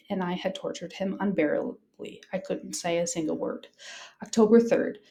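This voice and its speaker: A woman reading a wartime diary aloud to a class, in an earnest, expressive way. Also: mid-range voice, moderate pace, roomy sound.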